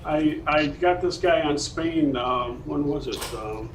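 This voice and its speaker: A man's voice: a little high, slow. A man who is a ham radio operator, chatting casually on a video call in an easygoing, joking way. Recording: echoey room with faint hiss.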